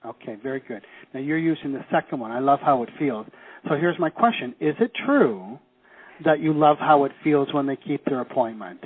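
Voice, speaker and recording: A man leading a teleseminar, coaching listeners through phrases and slowing down to stress key words. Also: medium pitch, husky. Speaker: seminar leader. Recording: tinny phone line.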